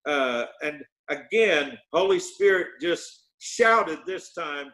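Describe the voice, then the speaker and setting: A man, a guest minister telling a testimony with many pauses and fillers. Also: a little high. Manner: halting with many fillers, bursts of excited quoting. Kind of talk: storytelling testimony.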